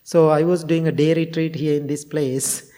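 A Buddhist monk who teaches meditation speaks at normal speed in a mellow, level, slightly high voice. During his dharma talk he shares stories in non-native phrasing and chuckles often. Long hall reverb surrounds the recording.

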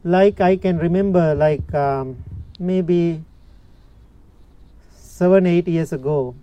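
High-voiced, mellow male teacher. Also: clear, resonant tone. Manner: slow, simple phrasing with frequent laughs and questions to listeners. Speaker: Buddhist teacher. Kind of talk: dharma talk storytelling.

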